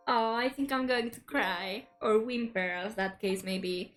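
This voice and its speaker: A bubbly young woman streamer with a high voice, chatting easily with her viewers and reading game dialogue aloud as she plays. Soft game music runs faintly underneath. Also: a little slow. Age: young adult. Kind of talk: casual stream chat while playing a game.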